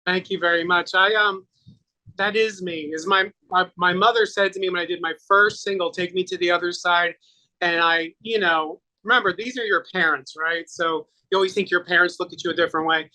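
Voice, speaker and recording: A middle-aged man, a guest on an interview show, chatting casually and telling animated stories, acting out what people said with laughs. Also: high-pitched, a little fast, rough recording. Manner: animated storyteller, acts out quotes with laughs. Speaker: guest, makeover artist and singer.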